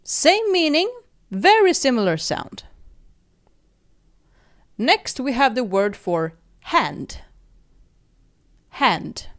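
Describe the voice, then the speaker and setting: A young adult woman with a Swedish accent hosting a language lesson, slowly repeating words for listeners to practise and addressing them in a friendly way. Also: high voice, big pitch swings. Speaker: language teacher and podcast host. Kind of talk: slow, clear language lesson.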